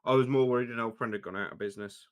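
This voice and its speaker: A man's voice: mid-range voice, steady tone, racing, lo-fi sound. Joking, sweary man. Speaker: podcast co-host. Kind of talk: casual chat.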